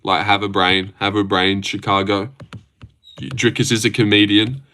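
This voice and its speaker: A man's voice: fairly low pitch, flat delivery, measured pace, pushed and bright, a little hiss or hum. A young Australian man hosting a casual livestream, reading chat, rambling and swearing with frequent laughs. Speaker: livestream host.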